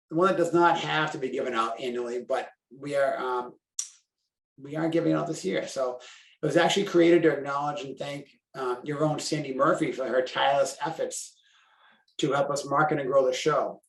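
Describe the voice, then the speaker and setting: A man's voice: mid-range voice, normal speed, echoey room, distant mic, rough recording. A man with a Boston accent, a carwash operator, chatting casually on a podcast with lots of fillers and restarts. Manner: chatty, self-deprecating, talks in run-on sentences with fillers. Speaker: carwash operator and convention co-chair.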